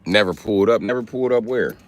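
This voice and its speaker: Low-voiced man ranting loosely on a livestream. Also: quick pace. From Chicago area, USA. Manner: profane, rambling, streetwise banter with viewers. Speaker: livestream host. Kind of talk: casual livestream chat.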